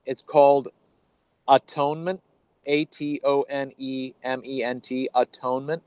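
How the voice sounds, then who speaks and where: A man's voice: medium pitch, flat delivery, a little slow, darkish tone, smooth, no room sound, rough recording. Dry-voiced man explaining with many ums. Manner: hesitant, many ums and restarts, eager teacherly tone. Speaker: podcast co-host. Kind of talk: casual conversational explaining.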